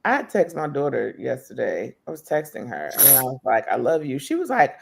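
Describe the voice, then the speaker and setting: A woman on a group call, a mother telling a dry family story with quiet asides. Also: a bass voice, huge pitch swings, moderate pace, creaky, a little hiss or hum. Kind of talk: casual storytelling chat.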